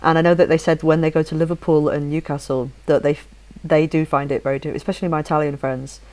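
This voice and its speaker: A woman in her thirties hosting a casual podcast, her northern English accent worn down to a near-neutral British sound. She talks in an animated rush, full of restarts and the odd swear word. Her voice sits a little low. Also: fast. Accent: softened northern English, near-neutral British. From northern England. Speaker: podcast host.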